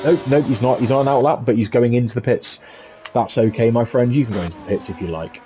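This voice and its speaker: Chatty British race commentator. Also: male voice, mid-range voice, fast, mellow, highs cut off, a little hiss or hum. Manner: chatty, jokey, reads out viewer messages. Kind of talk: live solo commentary with chat replies.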